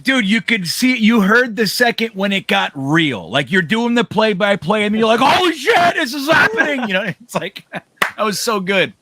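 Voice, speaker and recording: High, lively male sports co-host. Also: moderate pace, noisy background. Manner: enthusiastic. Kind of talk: casual sports chat.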